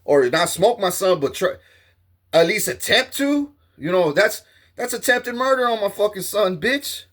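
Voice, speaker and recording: A man unhurriedly tells a heated, streetwise story of a confrontation, full of profanity and acted quotes, as a casual monologue. His voice is high, expressive, and fairly bright.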